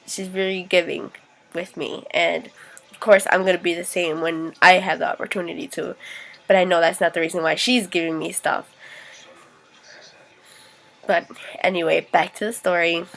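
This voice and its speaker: A young woman with a lowish, somewhat bright voice vents in a casual vlog, speaking frankly and indignantly about something hurtful and swearing freely.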